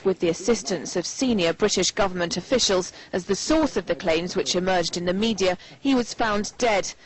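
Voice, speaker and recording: A woman presenting a news report in a crisp, formal delivery. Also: mid-range voice, poor audio.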